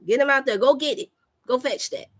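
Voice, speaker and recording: Woman health coach in a preaching livestream talk, fairly high-pitched, fervent, repeats herself for emphasis, speaks straight to her viewers. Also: brisk, fairly bright tone. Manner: calls out to listeners with "y'all".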